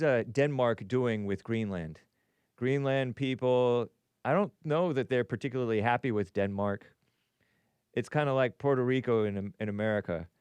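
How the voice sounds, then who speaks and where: A man's voice: medium pitch, smooth, no echo. A man hosting a live call-in stream, musing aloud with frequent chuckles and reading viewer comments.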